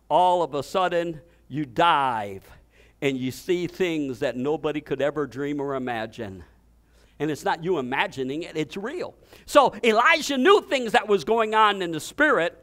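A pastor preaching an impassioned sermon, swinging between loud declarations and hushed, intimate passages. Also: male voice, fairly high pitch.

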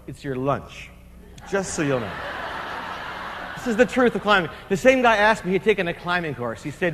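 A man from New Jersey giving a keynote speech, telling an adventure story in an animated, comic way with acted-out shouts and asides. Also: sits high, a little hiss or hum. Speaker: keynote speaker. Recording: long hall reverb.

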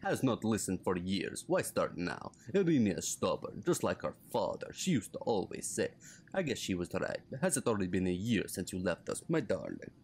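A man's voice: low-pitched, very animated, moderate pace, darkish tone, a little hiss or hum. A man voicing an older male islander who reads his journal aloud in a Russian accent and broken English. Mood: worried.

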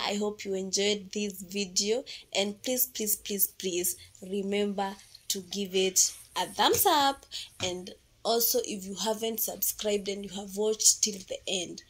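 A woman's voice: medium pitch, fairly bright tone, breathy edge. A Kenyan woman chatting playfully as a wife in a couple's vlog, wrapping up with her viewers. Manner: playful, exclamatory, mixes in Swahili. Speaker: vlogger, wife. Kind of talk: casual chat.

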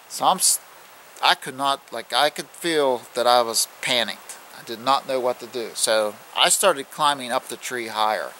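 A middle-aged man telling a true scary story in plain, casual speech, halting and restarting as he goes. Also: medium pitch, pushed and bright, a little hiss or hum, low-quality recording. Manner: plain-spoken, halting with restarts, acting out growls. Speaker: outdoors channel host.

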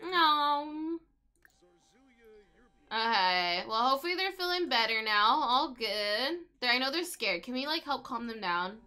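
Playing a life-simulation game, a young female gaming creator talks casually and often speaks to the pets on screen. Her high voice has lively intonation and an unhurried pace, sounding pushed, bright, clear and resonant.

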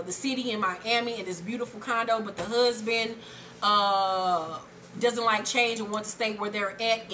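A woman co-hosting an advice chat show, reading a viewer's letter aloud and reacting with loud, profane excitement. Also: mid-range voice, slight background noise. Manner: animated, profane, exclamatory.

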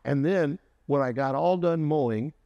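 A man co-hosting a podcast, telling a story from his childhood in a folksy way, often pausing with "uh" and starting over. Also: a little high, dry recording, highs cut off. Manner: folksy, with frequent "uh" and restarts. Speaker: co-host. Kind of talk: casual storytelling.

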